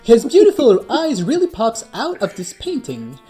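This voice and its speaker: A woman's voice: a little high, huge pitch swings, moderate pace, dark tone, husky, soft background music, full character voice. A synthetic female voice playing a cheeky co-host with a put-on British accent. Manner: cheeky and full of slang.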